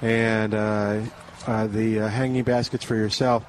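A man's voice: lowish voice, level tone, unhurried, poor audio. Man, radio host, hesitant with uhs, faint hiss. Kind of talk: casual radio chat.

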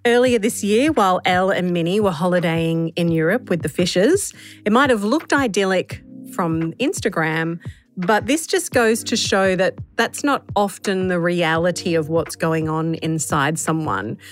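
A woman with a slightly low voice introduces a podcast segment. She speaks gently and reflectively, explaining as she goes, with soft music in the background. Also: moderate pace. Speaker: podcast producer introducing a clip. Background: faint music.

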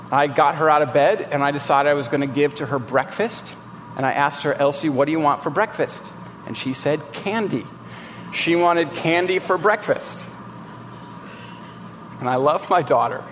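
A man's voice: on the high side, a bit bright, slight background noise. A man in his thirties, a pastor preaching a sermon, earnest and repeating phrases for emphasis, sometimes telling a family story. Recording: hall reverb with faint room ambience.

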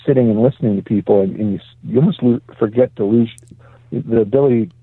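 A man's voice: lowish voice, fast, slightly rough, no room sound. Male pastor on a phone-in, chatty storyteller, sounds like a thin call from a parked car. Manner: chatty, anecdotal, laughs easily. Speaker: guest pastor. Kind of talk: casual storytelling. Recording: tinny phone line.

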